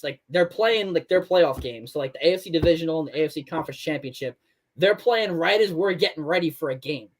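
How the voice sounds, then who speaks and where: A young man, a former college basketball player, chatting as a guest in a relaxed way with many fillers. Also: fairly high pitch. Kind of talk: casual interview chat.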